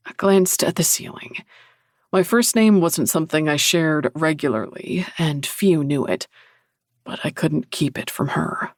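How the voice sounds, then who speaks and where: Gravelly male audiobook narrator. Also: fairly high pitch, normal speed, dry recording, studio quality. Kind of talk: first-person romance narration.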